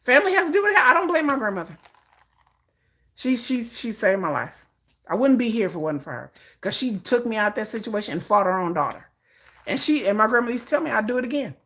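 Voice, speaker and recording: A woman talking casually on a live stream and telling personal family stories in an animated way. She laughs often and repeats or restarts phrases as she talks. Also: fairly high pitch, fairly quick.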